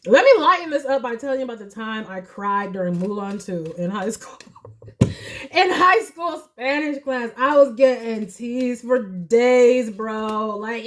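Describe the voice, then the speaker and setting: A woman's voice: expressive, measured pace. Chatty, emotional young woman reading tarot. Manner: emotional, chatty, swings from soft and low to high and loud. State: tearful, crying at times. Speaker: tarot reader. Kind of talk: casual tarot reading to camera.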